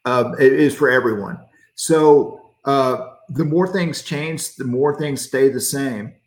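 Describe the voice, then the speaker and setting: A middle-aged male pastor leads a casual midweek devotional, folksy and quick to crack a joke. He answers viewer comments as they come in. His voice sits at an average pitch, and the room adds a roomy echo.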